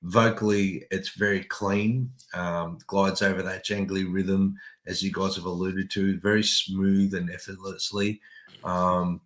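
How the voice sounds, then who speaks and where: A man co-hosting a casual music review podcast, talking in a measured, descriptive way. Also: deep voice, little pitch movement, fairly bright tone. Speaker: podcast co-host. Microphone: video call.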